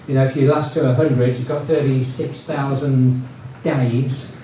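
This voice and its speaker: A man's voice: medium pitch, little pitch movement, a little slow, dark tone. A man, telling business stories casually, rambling with many fillers and restarts. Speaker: retired business founder. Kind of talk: casual anecdotal storytelling. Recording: very echoey room, distant mic, faint noise.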